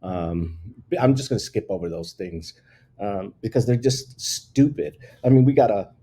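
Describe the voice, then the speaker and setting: A man's voice: lowish voice, animated, moderate pace, warm tone, husky. Blunt ranting male talk show host. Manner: blunt, ranting, laughs at himself. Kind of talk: casual opinion talk.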